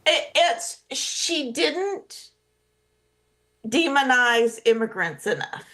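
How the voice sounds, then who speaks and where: A woman's voice: high voice, expressive, extremely slow, fairly bright tone. A woman in a casual panel chat, delivering dry, sardonic remarks.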